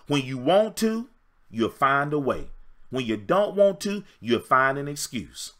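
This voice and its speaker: A man's voice: medium pitch, big pitch swings, measured pace, sharp tone. A man in his fifties, a relationship coach giving an emphatic, preachy motivational talk on a livestream and repeating his points. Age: 50s. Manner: emphatic, repetitive, preachy exhortation.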